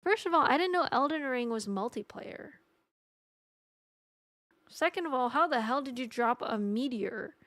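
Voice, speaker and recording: A woman's voice: sits high, animated, moderate pace, long pauses, a bit bright, no room sound, clean studio sound. A young adult woman chatting casually with her live-stream audience, rambling and joking at her own expense. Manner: chatty, rambling, self-mocking.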